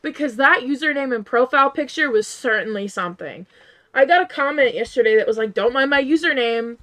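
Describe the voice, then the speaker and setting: A female game streamer, worn and strained because she keeps losing, chats casually with her live viewers and answers their messages, often bursting out in high, disbelieving tones. She sounds expressive and a bit bright, talking a little fast.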